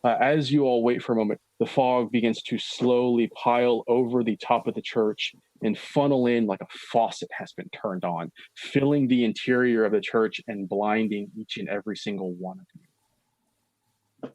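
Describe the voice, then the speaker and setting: A man running a tabletop horror game as dungeon master, describing scenes slowly and with suspense, with casual asides to his players. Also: medium pitch, darkish tone, no room sound.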